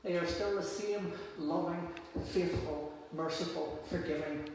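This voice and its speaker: A man's voice: a little high, steady tone, a little slow, darkish tone, slight background noise. A man preaching a sermon with emphatic repetition, recorded from a distance in a church hall. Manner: emphatic, repeats phrases for effect. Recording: echoey hall, mic at a distance.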